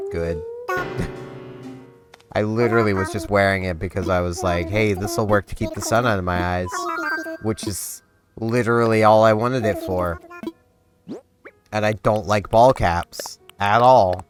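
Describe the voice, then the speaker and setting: Man, casual gameplay commentary, relaxed and rambling, lowish voice, faint music behind. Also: a little slow, long pauses. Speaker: gaming channel host.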